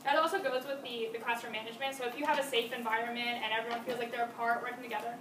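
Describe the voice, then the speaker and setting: A quick-talking young woman presents in class, loose and filler-heavy, her voice a little high. She is recorded from far off in an echoey room, with plenty of noise around her. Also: level tone. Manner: casual, lots of fillers. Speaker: student presenter.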